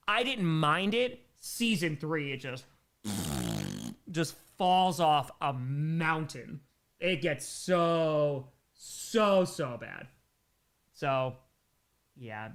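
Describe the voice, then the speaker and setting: A man with a slightly raised, light voice hosts a relaxed livestream Q&A. He talks in a loose, rambling, enthusiastic way and stops now and then to thank donors before carrying on. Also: fairly high pitch. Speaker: livestream host answering viewer questions. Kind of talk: casual chat.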